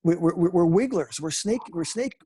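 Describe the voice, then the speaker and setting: A man in his fifties, a guest on a video call, telling his recovery story in an animated way and repeating phrases for emphasis. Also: sits high, normal speed, husky. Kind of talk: personal storytelling.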